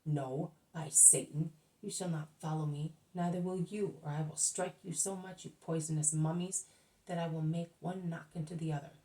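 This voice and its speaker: A burly, furious innkeeper growls blunt threats, as a woman reading a storybook aloud puts him on. The voice sits low and dark, heard from some distance off the mic. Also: steady tone, normal speed, lightly acted.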